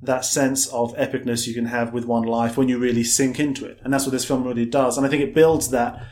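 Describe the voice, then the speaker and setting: A man's voice: mid-range voice, level tone, fairly quick, a little mellow. A man co-hosts a film review podcast in casual chat. He rambles and corrects himself, with a wry edge to his remarks. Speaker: podcast co-host.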